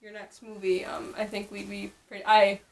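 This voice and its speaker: A woman's voice: mid-range voice, monotone, normal speed, slight background noise, rough recording. Young woman, upstate New York accent, casual filler-heavy vlogger chat. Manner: chatty, many fillers.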